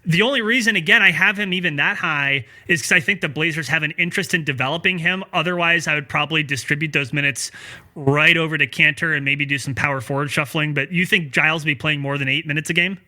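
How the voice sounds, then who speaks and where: Male podcast host, bright and sharp-toned, chatty, playfully argumentative. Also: fairly high pitch. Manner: quick, chatty, argues points with laughs. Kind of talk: casual sports podcast chat.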